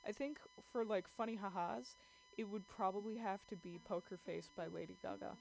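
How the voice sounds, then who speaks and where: A woman's voice: mid-range voice, normal speed, vocal fry. A woman streamer chatting casually and laughing as she talks through character ideas. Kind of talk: casual chat while drawing. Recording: music playing behind. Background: background music.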